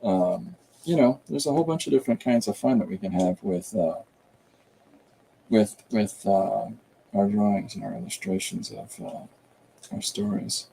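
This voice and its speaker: A man's voice: on the low side, normal speed, creaky, dark tone, a little hiss or hum, low-quality recording. A man streaming a comic drawing tutorial, rambling casually and chatting with viewers and a pet as he draws.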